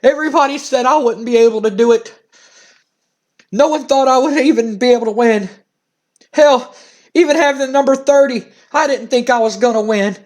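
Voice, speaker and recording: A man's voice: very high-pitched, normal speed, voice pushed up. A man voicing a tearful, overjoyed underdog male wrestler in a let's play, gushing and repeating himself breathlessly. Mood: triumphant.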